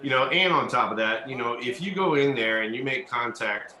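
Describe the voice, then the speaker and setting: A man's voice: medium pitch, lively intonation, fairly quick, sharp tone, reverberant, a little hiss or hum, poor audio. An older man, a retired ballplayer, answering interview questions in an easygoing, folksy way. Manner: easygoing, folksy, fillers like "you know". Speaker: retired baseball player, guest.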